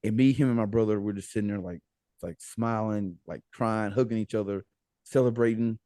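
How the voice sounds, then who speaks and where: An American man with a fairly low voice tells a story as a podcast guest. He talks casually and with energy, laughing and acting out what people said. The sound is dry and close. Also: fairly quick, no room sound. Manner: animated, laughing, retells with quoted dialogue.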